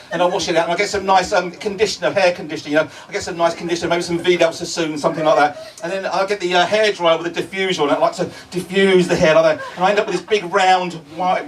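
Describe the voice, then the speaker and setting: A man's voice: high-pitched, recorded from a distance, slight background noise. An older man doing a stand-up comedy set, chatty, repeating his phrases and checking in with the crowd. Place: comedy club stage before a laughing audience.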